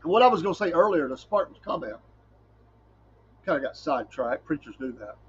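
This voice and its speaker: A man's voice: fairly high pitch, very animated, fairly quick, muffled recording, a little hiss or hum. A middle-aged man, a preacher hosting a podcast, talking in a folksy, rambling way and laughing often. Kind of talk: casual solo podcast talk.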